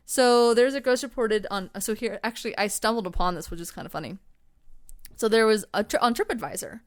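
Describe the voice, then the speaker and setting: A woman co-hosting a podcast in casual chat, telling stories in a rambling, profane way with quick tangents. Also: on the high side. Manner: mock voices and tangents while telling ghost stories. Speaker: podcast co-host.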